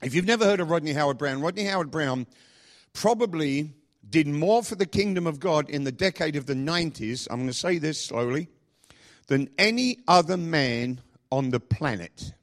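A man pastor preaching a sermon, asking the congregation repeated questions and speaking with lively emphasis. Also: a little high, fairly quick.

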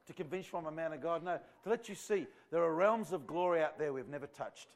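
Fervent preacher, higher voice. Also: male voice, fast. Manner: fervent, rambling, conversational preaching. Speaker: visiting evangelist. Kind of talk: revival sermon to a live congregation. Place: church before a congregation.

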